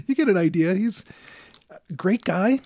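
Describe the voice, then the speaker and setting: Dark-voiced, dry-sounding man from Chicago. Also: sits high, expressive, a little slow, no echo. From Chicago, United States. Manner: loose, rambling storytelling with fillers. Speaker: podcast host. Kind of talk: casual chat.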